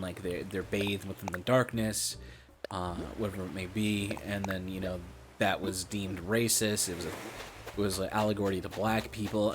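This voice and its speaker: A young man chats while streaming a game, rambling and swearing with a sarcastic edge. His voice sits a little low. Game music plays clearly in the background. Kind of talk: casual gaming stream chat.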